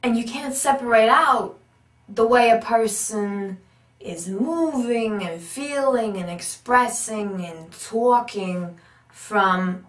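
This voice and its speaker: Animated woman coaching on accents. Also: fairly high pitch, takes it slowly, far from the mic. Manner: animated, emphatic, repeats key points. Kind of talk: instructional talk. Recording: roomy echo, speaker off-mic.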